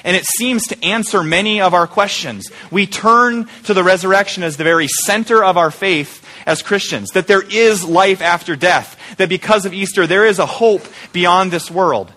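A man preaching an Easter sermon in a conversational, animated way, with many rhetorical questions. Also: high-pitched, moderate pace, few pauses. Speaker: pastor.

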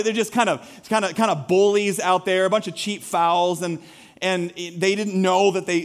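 Male pastor, higher-pitched voice, animated conversational sermon with self-mocking humor. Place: church sanctuary.

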